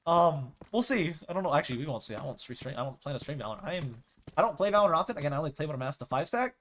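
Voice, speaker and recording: A man's voice: a little high, expressive, rapid-fire, a bit bright. A man chatting casually with his stream viewers as a live streamer, rambling and acting out quoted exchanges.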